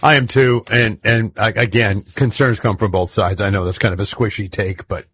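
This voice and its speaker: A man's voice: lowish voice, fairly even intonation, normal speed, a bit bright, slightly rough, no room sound, clean studio sound. A man co-hosting a casual talk show who jokes and laughs easily.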